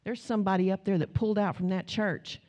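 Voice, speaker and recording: An insistent, indignant woman reports a wrongdoing, as a preacher acts her out. The voice is mellow but pushy. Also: mid-range voice, steady tone, quick pace, close to an everyday voice. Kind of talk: acted quote in a sermon.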